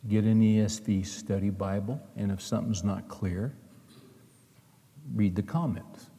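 Middle-aged male pastor, earnest sermon storyteller, mellow tone, echoing church hall. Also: fairly low pitch, steady tone, unhurried, vocal fry. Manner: storytelling with acted-out dialogue, earnest. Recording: long hall reverb.

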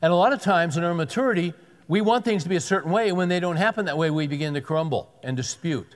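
A pastor preaching a sermon in a conversational, emphatic way, repeating key words for weight. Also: male voice, on the high side, fast. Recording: long hall reverb.

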